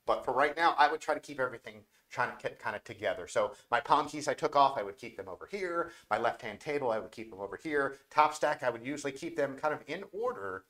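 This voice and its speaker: A man talks through a repair job as he does it, calm and easygoing. He jokes now and then between steps, and his voice sometimes drifts away from the mic while he works. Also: mid-range voice, fast, hardly any pauses, roomy sound. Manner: relaxed, joking, talks while working with his hands. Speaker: repair technician demonstrating. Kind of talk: live instructional demo with banter.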